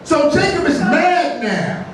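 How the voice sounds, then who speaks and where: High-voiced preacher in an echoey church. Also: male voice, big pitch swings, slow pace, a crowd in the background. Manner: folksy preaching with jokes, asks "right?" often. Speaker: pastor. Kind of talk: sermon. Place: large church sanctuary. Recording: very echoey church, distant mic, faint noise.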